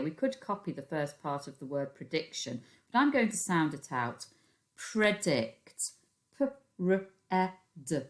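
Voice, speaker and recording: A woman's voice: deep voice, fairly bright tone. A woman with a British accent, a primary school teacher giving a recorded phonics lesson to young children, patiently sounding out words into a computer microphone. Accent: British English.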